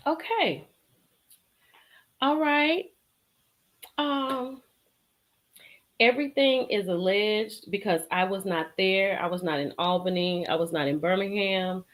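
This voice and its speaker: A woman's voice: mid-range voice, takes it slowly, pauses often. A woman hosting a live stream show, chatting with viewers, laughing and reading their comments. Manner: animated, laughs often, chatty Southern-style slang.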